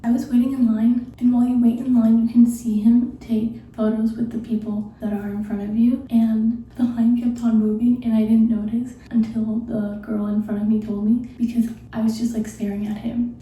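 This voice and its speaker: A young woman telling a late-night story in a hushed, half-whispered voice, giggling and gushing as she talks. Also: a little high, little pitch movement, normal speed. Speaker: vlogger. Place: room at night before bed. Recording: very echoey room, mic far off.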